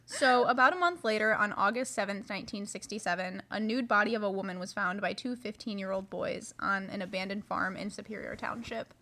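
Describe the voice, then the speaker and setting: A woman's voice: mid-range voice, brisk, hardly any pauses, sharp tone. A young woman co-hosting a true crime podcast, telling the case in casual chat with many fillers and restarts. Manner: chatty, many likes and restarts. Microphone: podcast mic.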